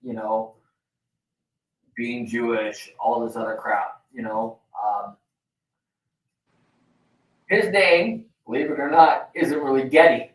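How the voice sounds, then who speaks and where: A man's voice: medium pitch, takes it slowly, long pauses. A man co-hosting a casual chat show, rambling with lots of fillers and easy swearing. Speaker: show co-host. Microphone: video call. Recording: roomy, distant from the mic.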